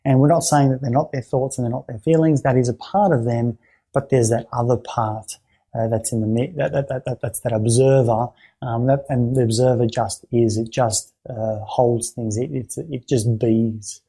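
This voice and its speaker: Halting, mellow-voiced man teaching therapy. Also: medium pitch, steady tone, slightly rough. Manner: halting, with frequent repeated words and restarts. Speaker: therapy trainer. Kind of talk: explaining a therapy exercise.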